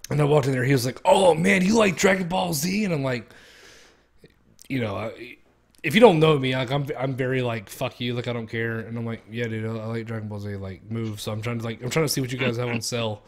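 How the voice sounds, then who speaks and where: A man's voice: mid-range voice, fairly even intonation, fast talker. A young man streaming, chatting casually in a rambling, profane way and laughing at his own stories. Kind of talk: casual chat.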